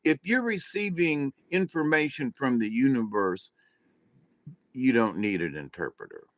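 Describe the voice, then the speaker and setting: A man's voice: medium pitch, animated, unhurried, a bit bright, dry recording. Rambling man with a dry close sound. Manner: rambling, with restarts and asides to viewers. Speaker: spiritual channel host. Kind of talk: casual storytelling monologue.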